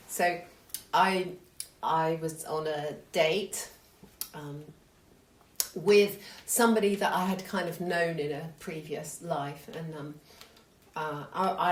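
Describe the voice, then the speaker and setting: Woman storyteller, low voice, slow and easy, heard from a distance in a roomy hall with faint noise. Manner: unhurried, conversational, self-deprecating. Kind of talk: live storytelling.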